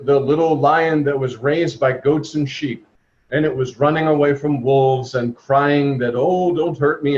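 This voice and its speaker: A man leading a spiritual discussion on a video call, talking earnestly with repeated emphatic phrases. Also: mid-range voice. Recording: muffled video-call audio.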